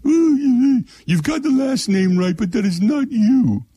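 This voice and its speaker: Man imitating a high warbly woman agent, prim, stubborn, husky, dry close sound. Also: animated, slow pace, dark tone, no echo, full character voice. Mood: prim refusal. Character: fussy high-voiced female phone agent.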